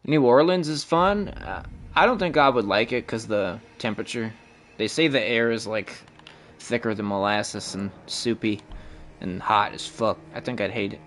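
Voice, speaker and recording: A man's voice: lowish voice, normal speed, a bit bright, slight background noise. A young man from the Midwest chatting casually with his viewers while playing a game live, rambling and cursing freely. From Midwestern United States. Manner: profane, rambling, talks to chat. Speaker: game streamer.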